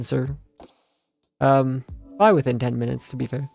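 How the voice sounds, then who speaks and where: A young man with a gravelly, fry-edged voice, ranting and joking in loose slang. He sounds tired and half asleep, with faint music playing underneath. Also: medium pitch, fairly even intonation, a little fast, pauses often, darkish tone. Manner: rambling, sarcastic, slangy, full of fillers. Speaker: streamer reacting to a game story. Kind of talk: casual rambling commentary.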